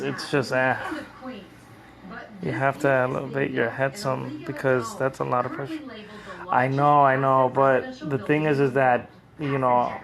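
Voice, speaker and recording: A man on a live stream, rambling and halting, in pain after oral surgery with a swollen cheek, talking from bed into a phone. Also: mid-range voice, vocal fry. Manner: rambling, halting, repeats words. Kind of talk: casual live-stream chat. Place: lying in bed at home. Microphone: phone camera.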